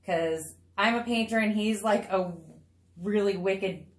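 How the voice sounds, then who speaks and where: A woman's voice: mid-range voice, measured pace. A woman streaming from home as she paints, chatting in a bubbly way with her viewers and laughing often. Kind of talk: casual chat while painting live. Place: home room, not a studio.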